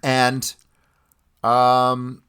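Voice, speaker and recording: A man's voice: mid-range voice, completely flat delivery, extremely slow, fairly bright tone, slight background noise. A man hosting a history podcast, reading passages aloud and breaking off into blunt, profane asides. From United States. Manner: blunt, swears often, rants between readings. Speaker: podcast host. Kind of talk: history commentary with read-out passages.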